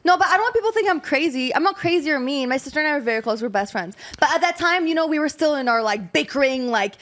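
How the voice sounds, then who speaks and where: A woman's voice: sits high, expressive, quick pace, fairly bright tone. A young woman telling a story in casual podcast chat, laughing as she talks and filling her sentences with "like". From abroad, moved to the US at ten. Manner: laughs while talking, fillers like "like".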